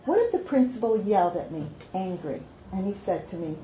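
A woman who administers IQ tests in schools addresses parents emphatically, hammering her main points again and again with rhetorical questions. Her mid-range voice is expressive, fairly quick and dark in tone, on a dull lo-fi recording with faint noise.

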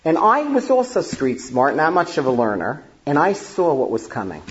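A man's voice: a little high, huge pitch swings, normal speed, slight background noise. Guy retelling an angry old grandpa, stern and emphatic, kinda dull recording. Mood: urgent.

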